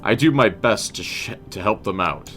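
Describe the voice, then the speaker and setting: A man's voice: on the low side, lively intonation, normal speed, a bit bright. A man voicing a male wolf shaman from a fantasy game, reading his lines aloud with a few stumbles. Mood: earnest. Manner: reads quest dialogue aloud, stumbling. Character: gruff male wolf shaman, protective of orphans.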